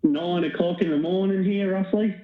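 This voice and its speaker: A man with a broad North Queensland Australian accent rings in from work, talking easily about trucks. His voice sits a bit high and comes through a tinny phone line. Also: moderate pace. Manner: chatty, relaxed, uses mate and no worries. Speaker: caller, truck driver. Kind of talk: casual phone call.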